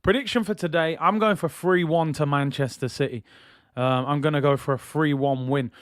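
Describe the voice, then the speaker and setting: Chatty slangy man, fairly high voice. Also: clean tone, dry recording, studio quality. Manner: chatty, slangy, reads out chat messages. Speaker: streamer hosting a football watch-along. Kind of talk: casual live commentary.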